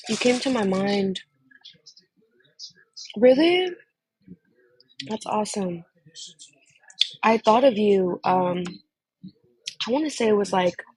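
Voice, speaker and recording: A woman's voice: mid-range voice, a little mellow, slightly rough, poor audio. A young woman on a casual phone chat, gushing and emotional, calling the listener honey.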